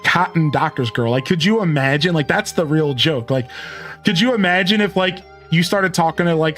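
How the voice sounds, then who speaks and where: A man's voice: fairly high pitch, a bit bright. A young man streaming a game, chatting casually and retelling a story with lots of fillers. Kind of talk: casual chat while playing.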